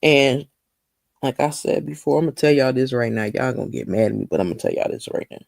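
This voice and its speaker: A woman giving a casual, gossipy recap of a TV episode, animated and talking straight to her viewers. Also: extremely low pitch, fast, creaky, no echo, studio quality. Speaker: TV recap vlogger.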